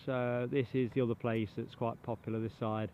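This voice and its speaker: A man's voice: mid-range voice, little pitch movement, normal speed, muffled recording, slight background noise. A man hosting a live plane spotting stream from a mound beside an airport, chatting casually, reading out viewer comments and thanking people by name. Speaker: livestream host. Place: outdoors on a grassy mound beside an airport runway.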